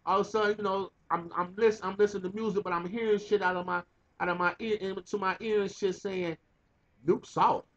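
A man's voice: high voice, little pitch movement, fast, a bit bright, highs cut off. A young man telling a rambling, profane, funny story in a casual way, laughing often. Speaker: vlogger.

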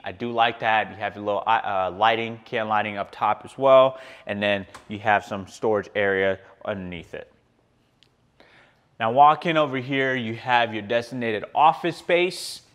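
A man's voice: on the low side, a bit bright. A man working as a real estate agent, walking through a large home on a tour and praising each room with frequent fillers. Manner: enthusiastic, lots of fillers and repeated praise. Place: large furnished home, indoors.

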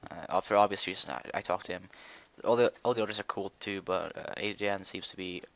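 A man's voice: sits low, steady tone, fairly quick, a bit bright, no echo. A young man chatting casually while he plays a building game, rambling and hesitant with many fillers. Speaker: gaming video creator. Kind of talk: casual Minecraft commentary.

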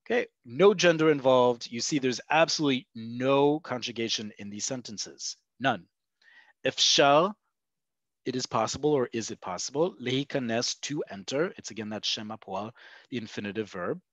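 A man's voice: mid-range voice, moderate pace, fairly bright tone, dry recording. A man teaching a language in an online webinar, explaining step by step and often checking in with "okay" and "right?". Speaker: Hebrew teacher. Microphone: video call. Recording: dull, lo-fi webinar audio.

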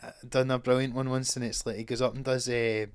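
A man's voice: medium pitch, little pitch movement, fairly quick, smooth. A man co-hosting a podcast, telling stories animatedly in casual chat and swearing freely. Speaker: podcast co-host.

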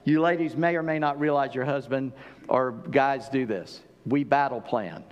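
A man preaching a sermon as pastor, conversational and animated, often acting out quoted lines in other voices. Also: medium pitch, normal speed, highs cut off. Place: church sanctuary. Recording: long church-hall reverb.

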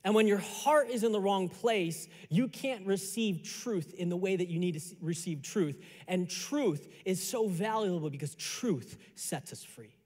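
A male pastor preaching a sermon, telling a story in a lively conversational way that builds to a lesson. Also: high voice, unhurried, few pauses, big-room sound. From Chicago area. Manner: animated, conversational storytelling with repeated phrases. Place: church sanctuary.

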